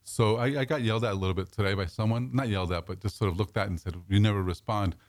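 Fast-talking low-voiced male host. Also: no echo, clean studio sound. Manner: rambling, self-correcting, repeats words. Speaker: radio show host. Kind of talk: casual talk show chat.

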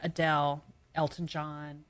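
A woman from Texas in a casual chat, matter-of-fact and quick to correct. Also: deep voice, level tone, clean tone, no room sound.

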